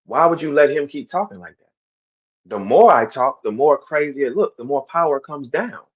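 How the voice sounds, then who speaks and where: A man's voice: on the high side, moderate pace, slightly rough, phone-quality sound. Heated man ranting on a stream. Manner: animated, repetitive, swings from loud to quiet. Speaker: battle rapper on a stream. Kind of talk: heated monologue.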